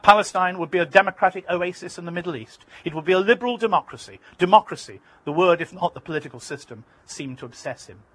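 A man's voice: sits high, animated, fast, hardly any pauses, a bit bright, no room sound, poor audio. A man from Britain, an author giving an emphatic, vivid reading from his own memoir.

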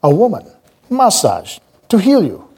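A pushy male hotel keeper stumbles through broken English in a raised, mellow voice, put on by a man reading aloud. His phrases come short and halting, pressing the listener with offers and warnings. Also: high-pitched, huge pitch swings, breathy edge, voice pushed up, full character voice. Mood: urging.

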